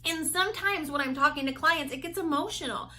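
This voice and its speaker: A woman's voice: sits high, brisk, bright, forceful tone. A woman weight loss coach talking energetically and candidly in a motivational vlog, with lots of "like" and restarts.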